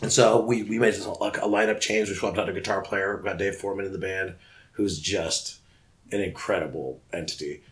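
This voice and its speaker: A man guest telling rambling, excited stories in a casual interview, often acting out what people said. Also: deep voice, brisk. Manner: excitable, rambling, acts out quoted voices. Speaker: guest musician.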